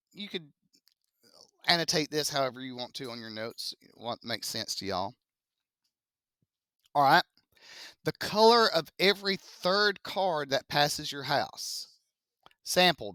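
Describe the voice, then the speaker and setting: Math teacher, young adult, bright and punchy, dry close mic, quizzes class with playful asides. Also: medium pitch, animated, a little slow, long pauses, no room sound. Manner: chatty, joking asides, quizzing students. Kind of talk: classroom statistics lecture. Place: classroom with live students.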